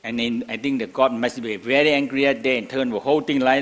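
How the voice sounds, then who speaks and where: A man's voice: medium pitch, fairly even intonation, normal speed, fairly bright tone. An older man teaching a class in simple, broken English, asking the room rhetorical questions and chuckling between points. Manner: non-native English, broken grammar, chuckles often, asks rhetorical questions. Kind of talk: spoken lecture to a class.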